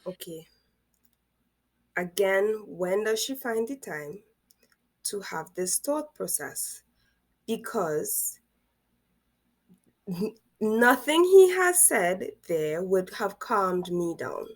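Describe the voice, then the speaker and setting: Caribbean lady reacting, slow and very lively, keeps asking how. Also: mid-range voice. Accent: Caribbean English. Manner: incredulous, repeats rhetorical questions. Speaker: reaction video host. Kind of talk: reaction commentary.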